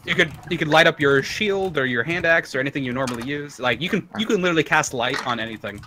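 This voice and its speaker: Bright-voiced man running a tabletop game. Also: fairly high pitch, quick pace, a little hiss or hum, rough recording. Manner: descriptive, loose, filler-heavy. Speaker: game master.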